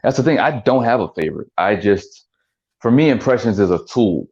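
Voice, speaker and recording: A man, a comedian guest on a podcast, talking in a relaxed, reflective way and thinking things through as he goes. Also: on the low side, a little fast, breathy edge, lo-fi sound. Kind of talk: casual interview chat.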